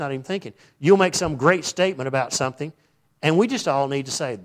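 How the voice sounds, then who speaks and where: A man preaching a sermon as pastor, animated, breaking into quoted voices and joking asides. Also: a little high, quick pace.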